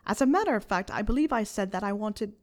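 A woman's voice: medium pitch, expressive, fast, a little mellow, natural voice. A woman voicing a defensive, vulnerable young male wizard, bitter in his speech.

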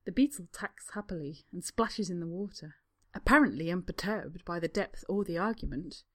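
Calm woman reading a story aloud. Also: lowish voice, normal speed. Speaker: narrator. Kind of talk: storybook reading of fan fiction.

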